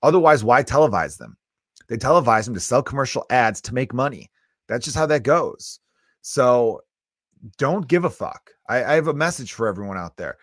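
A man's voice: mid-range voice, animated, normal speed, dry recording, clean studio sound. A man in his thirties hosting a solo comedy podcast, ranting bluntly with lots of swearing. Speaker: podcast host.

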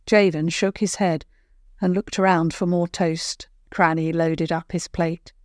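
An older woman narrates a children's story in a gentle, measured way. Her voice sits a little low, and the recording is close and dry. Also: steady tone, no echo.

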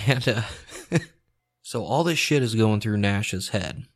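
A man telling a story in a casual, relaxed way, swearing freely and chuckling often. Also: mid-range voice, unhurried.

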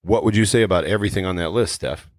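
A man hosting a wellness podcast, explaining in an earnest, measured way. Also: sits low, no echo, studio quality. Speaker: podcast host. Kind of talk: casual podcast chat.

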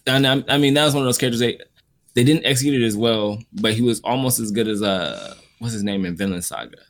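A man's voice: medium pitch, quick pace. A man in casual conversation reviewing an anime series, rambling loosely with lots of filler words. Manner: relaxed, rambling, frequent "like" fillers. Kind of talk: casual podcast chat.

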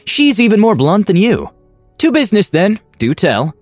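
A man's voice: high-pitched, wildly swooping pitch, moderate pace, no room sound, faint music behind, pitched above the performer's own voice, heavily acted. A man voicing a flamboyant, flirtatious rich male merchant in a theatrical, playful manner.

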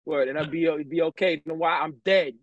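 A man's voice: fairly high pitch, brisk, no echo, dull audio. A man on a podcast telling stories from his life in casual, slangy, profane talk, laughing often. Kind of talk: casual chat, storytelling.

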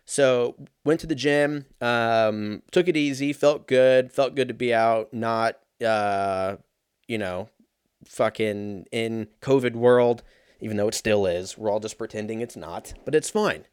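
Here a thirtysomething man delivers a loose, meandering monologue full of profanity and self-deprecating jokes. He speaks at a measured pace in a smooth, medium-pitched voice, and the studio recording is clean with no echo.

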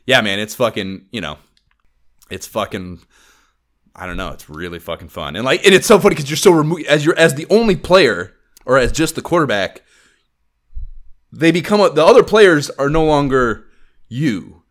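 A man's voice: medium pitch, animated, moderate pace, pauses often. A man, co-hosting a casual gaming podcast, rambling and swearing with lots of fillers. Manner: rambling, profane, filler-heavy. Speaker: podcast co-host.

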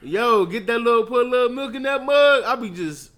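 High, bright-voiced animated man. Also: a little fast. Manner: animated storytelling, acts out quotes in a higher voice. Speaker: podcast co-host. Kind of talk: casual chat.

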